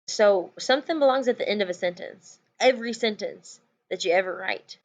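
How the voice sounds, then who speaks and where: A woman's voice: medium pitch, a little fast. A woman elementary school teacher, giving a playful, joking recorded lesson. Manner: playful, animated teacher talk with jokes.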